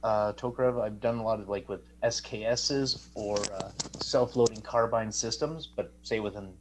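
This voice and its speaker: A man's voice: lowish voice, normal speed, hardly any pauses, poor audio. Rambling joking man with a faint hum. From Canada. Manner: joking, rambling with many fillers. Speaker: wrestler guest. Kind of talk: casual interview chat.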